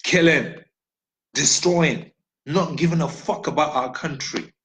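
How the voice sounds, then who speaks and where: A man's voice: fairly high pitch, a little slow, a bit bright, a little hiss or hum, low-quality recording. Profane, ranting man. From Nigeria. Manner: rhetorical questions. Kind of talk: impassioned monologue.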